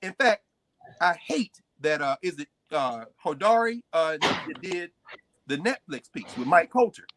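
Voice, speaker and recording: Animated, high-pitched male lecturer. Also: unhurried, dry recording. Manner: emphatic, repeats words when building a point. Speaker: host and lecturer. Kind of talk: animated classroom talk.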